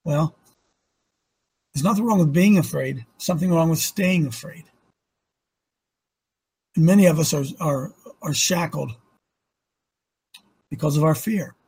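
A man hosting a talk show, preaching emphatically with rhetorical questions and swinging from loud to soft. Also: a little high, a little slow, long pauses, breathy edge. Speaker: host.

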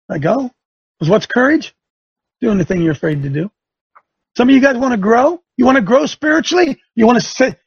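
A man's voice: extremely high pitch, breathy edge, no echo, muffled recording. A man hosting a religious talk show, preaching with sarcasm and rising fire. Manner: fiery, sarcastic, rising to shouts.

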